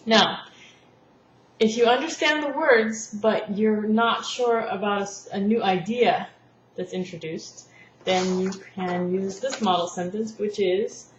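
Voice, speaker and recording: A woman's voice: medium pitch, unhurried. A woman who teaches language therapy, patiently explaining a lesson plan and acting out classroom examples. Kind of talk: spoken lesson walkthrough. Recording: roomy, dull lo-fi sound with faint noise.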